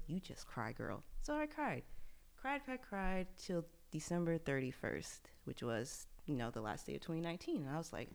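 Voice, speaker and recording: This podcast co-host tells a story from her own life with lively laughter, sinking to a near whisper at the sad moments. Her voice sits low and sounds gravelly.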